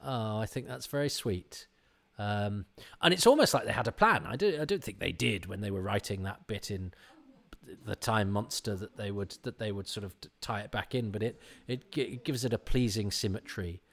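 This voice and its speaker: A man's voice: on the low side, expressive, normal speed, gravelly, fairly bright tone. A man giving casual commentary on an old TV episode, rambling and often restarting his sentences. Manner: rambling and self-interrupting, frequent restarts.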